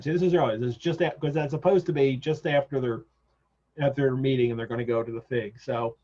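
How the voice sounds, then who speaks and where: A man's voice: medium pitch, darkish tone. A man hosting a casual discussion of a novel over a video call, talking with enthusiasm, wandering off on side points and filling gaps with ums. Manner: enthusiastic, digressive, many fillers. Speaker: host. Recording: dull lo-fi video call audio.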